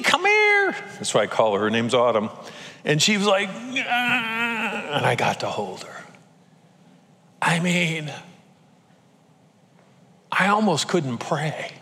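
In a church auditorium with long hall reverb, an older male pastor delivers a conversational sermon, acting out little quotes and at times growing emotional. His voice sits in the mid-range with a slightly bright quality.

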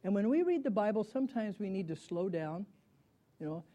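Bright, high-voiced man teaching Bible class. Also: lively intonation, brisk. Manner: conversational, asks the class questions and answers them. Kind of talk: Bible study lecture.

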